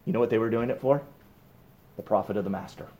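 A man preaching a sermon, swinging from emphatic raised bursts to low, hushed reflection. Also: fast talker. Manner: emphatic, rising to raised bursts on key points. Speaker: pastor.

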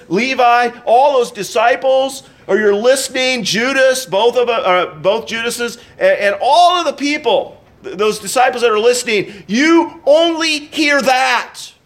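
A middle-aged male pastor delivering a sermon in a fairly high voice. He leans hard on key words and repeats them for weight. He drops to quiet asides, then climbs back to loud stresses. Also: a little slow, hardly any pauses. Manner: emphatic, repeats key words, swings between loud and soft.

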